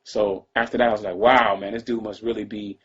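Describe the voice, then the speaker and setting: Man, casual storyteller, slangy and rambling, rapid delivery. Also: lowish voice, level tone, husky. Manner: laid-back, rambling, slangy, trails off into quiet asides. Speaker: rapper telling a personal story. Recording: dull lo-fi sound.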